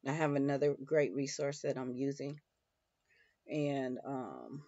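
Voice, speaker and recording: A woman's voice: rumbling low, a little slow, warm tone, no echo. A woman chatting casually to viewers about homeschooling, rambling with many fillers and restarts. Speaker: homeschooling mom vlogger. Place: home schoolroom. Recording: dull lo-fi dry sound.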